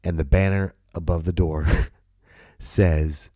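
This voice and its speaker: A man's voice: sits low, fairly even intonation, slow pace, dark tone, no echo, clean studio sound. A man hosting his own podcast, telling a personal story in a casual, emphatic way, swearing and repeating himself for effect. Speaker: podcast host and comedian.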